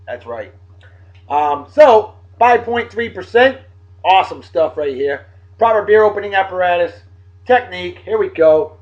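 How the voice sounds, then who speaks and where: A middle-aged man hosts a casual vlog, upbeat, jokey and hammy as he gives shout-outs. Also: high-pitched, lo-fi sound. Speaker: vlog host.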